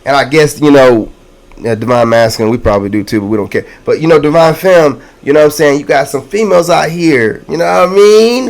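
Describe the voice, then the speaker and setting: Excitable gravelly-voiced man reading tarot. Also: a little high, a little fast. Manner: excitable, slangy, repeats catchphrases, calls out to viewers. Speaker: tarot reader. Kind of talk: casual tarot reading to camera.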